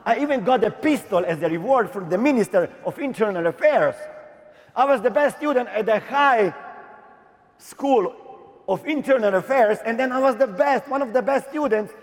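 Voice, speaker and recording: A young man from Slovenia giving a dramatic motivational stage talk, with emphatic outbursts and long pauses. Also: very high voice, expressive. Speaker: motivational speaker. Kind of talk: stage speech telling a personal story. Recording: reverberant hall.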